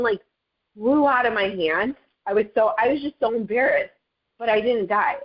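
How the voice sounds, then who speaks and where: A woman's voice: medium pitch, dull audio. A woman sharing her story in a casual motivational talk on a group call, chatty and earnest, often speaking to listeners as "you guys". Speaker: network marketing leader sharing her story.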